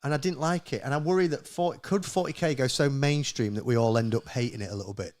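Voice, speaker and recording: A man with a northern English accent, co-hosting a podcast in casual, animated chat with frequent swearing. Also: mid-range voice, quick pace. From northern England. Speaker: podcast co-host.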